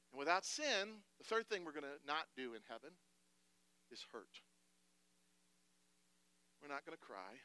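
A man, a pastor, preaching a sermon emphatically, moving between hushed passages and loud declarations. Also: sits high, no room sound.

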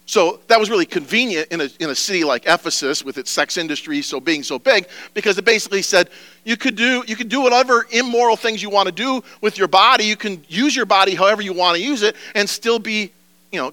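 Male pastor, earnest sermon delivery, high tenor, crisp and bright, dry room. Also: dry recording. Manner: earnest, preacherly, rising to emphatic pleas.

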